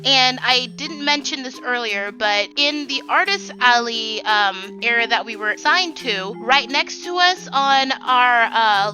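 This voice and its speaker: A woman in her twenties telling a rambling, animated story for a vlog, full of "like" and "you know.". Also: a little high, rough recording. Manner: rambling, filler-heavy, animated retelling. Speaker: vlogger.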